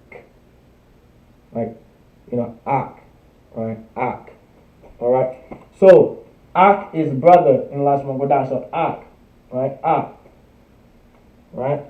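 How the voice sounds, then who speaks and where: A man teaching a live-streamed language class, repeating words and checking in with "right?" again and again. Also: fairly high pitch. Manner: repetitive, checks in with "right?" constantly. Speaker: class instructor. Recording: tinny phone-like echoey stream.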